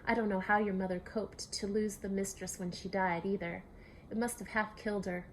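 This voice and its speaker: Woman doing a chatty kindly housemaid from a storybook, homely way of talking, slightly gravelly. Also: medium pitch, fairly even intonation, moderate pace, a little hiss or hum, natural voice, low-quality recording. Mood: wistful. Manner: chatty, homely and warm-hearted. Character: kindly talkative maid, middle-aged.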